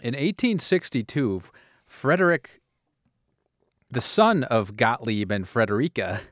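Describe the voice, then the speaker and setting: A man's voice: medium pitch, lively intonation, a little slow, a bit bright, dry recording. A man hosts a casual comedic podcast in an ordinary mid-range voice. The sound is close and dry. He rambles, stumbles over facts and laughs at his own fumbles. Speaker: podcast host.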